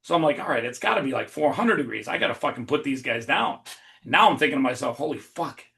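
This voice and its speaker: A man in a casual podcast chat, telling a long funny story in an animated way, swearing freely and laughing as he goes. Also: medium pitch, fast talker, creaky. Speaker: podcast guest.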